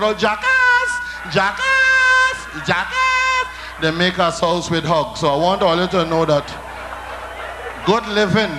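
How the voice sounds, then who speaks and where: A male comedian with a Trinidadian accent, telling stories in a comic monologue full of animated storytelling and funny sound effects. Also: sits high, noisy background.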